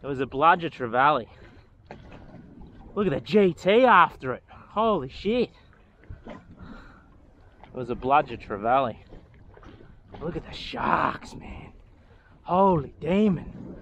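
An Australian man on a small boat at sea, giving excitable running commentary while fishing, swearing, laughing and talking to the fish. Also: on the high side, takes it slowly, long pauses, muffled recording, slight background noise. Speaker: fishing vlogger.

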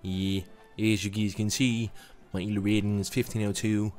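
A young man opens his gaming video in a low, flat voice. His delivery is offhand and casual. Faint music plays underneath. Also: moderate pace. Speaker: gaming YouTuber.

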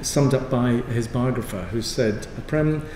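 A man giving a formal introduction as master of ceremonies, halting and self-deprecating. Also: medium pitch. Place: large formal room. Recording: echoey hall with background noise.

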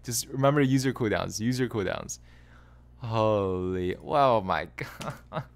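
A man casually coaching a player through a gameplay review, animated and exasperated, repeating himself and laughing in disbelief. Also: fairly low pitch, measured pace.

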